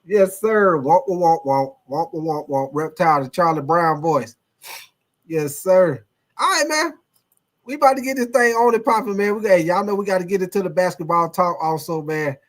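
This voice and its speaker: A man's voice: high-pitched, moderate pace, fairly bright tone. A man hosting a casual sports livestream, reading chat comments aloud in a loose, repetitive way, swearing and laughing often.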